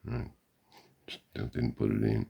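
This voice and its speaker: Gravelly, deep-voiced Australian man mocking golfers. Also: very animated, takes it slowly, dark tone. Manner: sarcastic, mocking, profane. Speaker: vlogger. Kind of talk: live running commentary. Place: outdoors beside a golf green.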